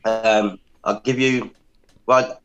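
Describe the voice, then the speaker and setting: A man who is a poet, telling his story calmly and steadily as an interview guest. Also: on the low side, takes it slowly, highs cut off, faint music behind.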